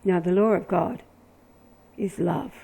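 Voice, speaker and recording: A woman giving religious commentary, reading scripture verses aloud with deliberate, emphatic delivery. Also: lowish voice, vocal fry, warm tone, slightly rough, rough recording.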